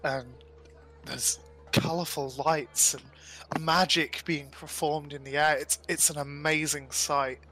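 Male game master with a bright voice and casual, rambling description, over faint music. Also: a little high, steady tone, takes it slowly. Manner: loose and descriptive, with frequent ums and likes. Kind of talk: casual tabletop game narration.

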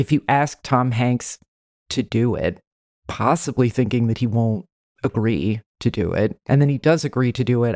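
A man's voice: mid-range voice, a little mellow, dry recording, studio quality. A man co-hosting a podcast in casual chat, musing and understated. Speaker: podcast co-host.

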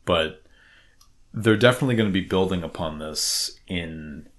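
A man with a Boston accent co-hosting a casual podcast chat, excitable and rambling, often restarting his sentences. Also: low voice, moderate pace. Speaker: podcast co-host.

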